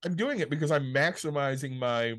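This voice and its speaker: A man's voice: on the high side, fairly quick, a bit bright. A man with a Michigan accent, co-hosting a podcast in casual chat, blunt and frustrated, with heavy swearing. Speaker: podcast co-host.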